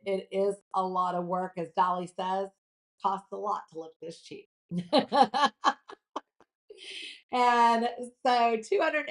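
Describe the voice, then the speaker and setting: A woman's voice: mid-range voice, a bit bright. A woman, hosting a live shopping show, chatty and gushing as she reads viewer comments aloud. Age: 50s.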